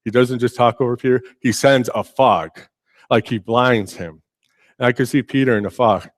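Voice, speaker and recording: A man preaching a sermon as pastor, telling Bible stories in a lively, casual way and acting out the characters' lines. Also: medium pitch, moderate pace, dry recording, studio quality. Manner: animated storytelling, acting out biblical figures in casual speech. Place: church.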